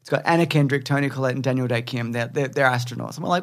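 A man co-hosting a podcast in casual chat, with a dry, deadpan manner. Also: mid-range voice, quick pace, hardly any pauses. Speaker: podcast co-host.

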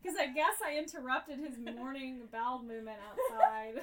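High, lively young woman, slightly off-mic. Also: normal speed, far from the mic, very noisy. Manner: animated storytelling with frequent laughter. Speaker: podcast co-host. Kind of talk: casual chat.

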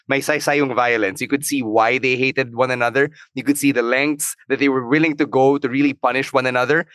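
A man with a Filipino accent co-hosting a podcast, an animated storyteller who switches between Tagalog and English. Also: medium pitch, no room sound. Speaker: podcast co-host. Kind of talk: casual podcast chat.

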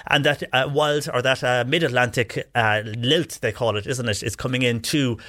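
A man hosting a local radio talk show, reading out listener texts and community notices in a steady, conversational way with frequent fillers. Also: medium pitch, normal speed.

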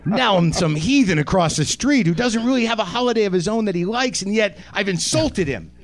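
A man's voice: high-pitched, lively intonation, fairly quick. A man in his forties hosting a comedy podcast live on a theatre stage, riffing with the audience in a profane, sardonic way. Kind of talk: live stand-up banter with audience.

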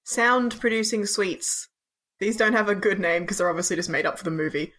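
A woman's voice: mid-range voice, fairly quick, fairly bright tone. A woman reading out entries and joking in a casual chat with friends. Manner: reads entries aloud, then jokes. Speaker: reads out sweet descriptions.

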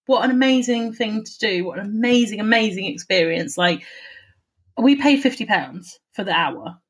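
A woman telling an animated story in casual chat, swearing and laughing as she goes. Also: medium pitch, normal speed, husky.

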